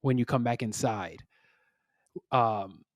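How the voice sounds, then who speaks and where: A man hosts a podcast in a loose, friendly way. He laughs often and trips over his own sentences. His voice sits at a medium pitch for a man, and it sounds dry and close. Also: slow, dry recording. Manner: relaxed, laughing, many restarts. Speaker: podcast host. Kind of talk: casual interview chat.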